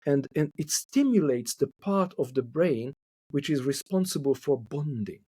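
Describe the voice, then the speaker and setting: A man's voice: on the high side, animated, moderate pace, dark tone, slightly rough, no room sound. A man from Hungary who speaks English as a second language, a couple therapist talking thoughtfully in a podcast interview and repeating words as he searches for them.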